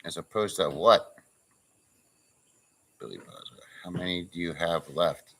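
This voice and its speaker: A man's voice: sits low, moderate pace, a bit bright. A man chatting casually on a live stream, joking crudely and reading out viewers' names. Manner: crude joking, reads chat names aloud. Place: farm pen with a pig.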